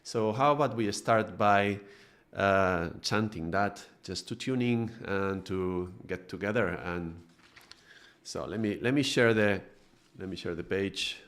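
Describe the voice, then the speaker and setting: A man from Spain, giving a calm live-streamed spiritual talk as a meditation teacher, with frequent hesitations. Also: sits low, unhurried.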